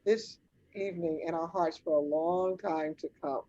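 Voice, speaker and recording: A woman's voice: low voice, fairly even intonation, moderate pace, dark tone. A woman hosting a virtual event, upbeat and effusive as she thanks guests and makes announcements. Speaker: host. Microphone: video call. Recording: dry, dull lo-fi audio.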